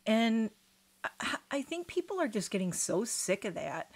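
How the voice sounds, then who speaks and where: A woman's voice: on the high side, very animated, measured pace. A middle-aged woman with a slight lisp, chatting casually and rambling through a live makeup stream, self-deprecating and full of fillers. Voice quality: slight lisp on her S sounds. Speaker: beauty vlogger doing a live stream.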